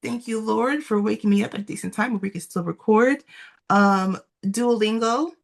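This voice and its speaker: A woman's voice: mid-range voice, normal speed, vocal fry. Chatty woman podcast co-host. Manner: chatty, laughs often, trails off with fillers. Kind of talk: casual chat.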